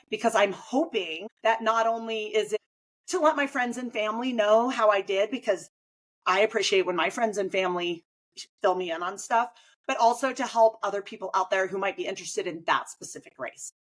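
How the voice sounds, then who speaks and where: Woman, coach-host, casual and chatty, medium pitch, lively delivery. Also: moderate pace. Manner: chatty, animated, acts out quoted remarks. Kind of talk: casual conversation.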